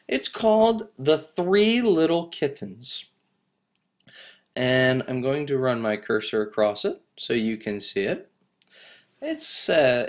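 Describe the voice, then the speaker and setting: A man teaching kindergarten, reading stories and rhymes aloud to young children in a gentle, encouraging way. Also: mid-range voice. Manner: gentle, encouraging, slow and expressive.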